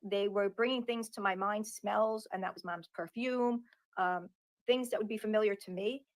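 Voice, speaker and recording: A woman's voice: mid-range voice, fairly even intonation, normal speed. Woman explaining earnestly in an interview. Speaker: interview guest. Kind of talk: interview answers.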